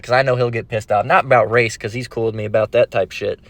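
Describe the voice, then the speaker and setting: A man's voice: medium pitch, fast talker, few pauses, dry recording. A man giving a casual, rambling religious lesson, with many restarts and street slang. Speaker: religious teacher.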